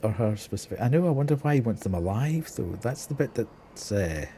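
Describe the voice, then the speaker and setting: A man's voice: on the low side, lively intonation, brisk, mellow, a little hiss or hum. A man with a mild Scottish accent giving chatty, wry live commentary on a game he is streaming, often breaking into laughter.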